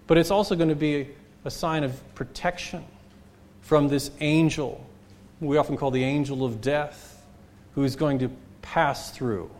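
Emphatic preacher, fairly high voice. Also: male voice, fairly even intonation, a little slow. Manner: emphatic, repeats key phrases for stress; preaching with wide swings in loudness and pace. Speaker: pastor. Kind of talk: sermon.

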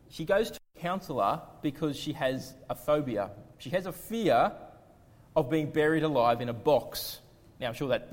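A man preaching a sermon as pastor, earnest and slowing down to press key words. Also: a little high. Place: church. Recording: long reverb of a church hall.

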